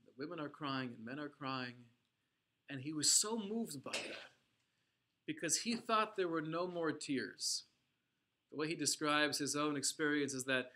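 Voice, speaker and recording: Guy teaching a torah class, bright forceful voice, kinda high, really dramatic storytelling. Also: a little slow. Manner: dramatic, emphatic storytelling with Hebrew and Yiddish terms.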